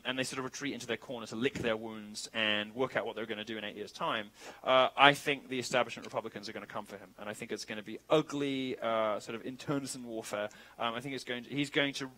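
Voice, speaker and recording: A man's voice: mid-range voice, quick pace, bright, forceful tone, rough recording. A man speaking at a live Q&A, chatty and sardonic, with frequent joking asides. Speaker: guest speaker. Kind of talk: live Q&A speech.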